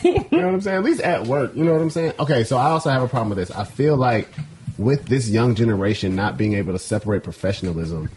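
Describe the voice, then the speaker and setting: A man's voice: medium pitch, very animated, quick pace, darkish tone, slight background noise. A man co-hosting a podcast in a laid-back, slangy casual group chat. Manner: laid-back, slangy, says "bro" and "you know what I'm saying". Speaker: podcast co-host.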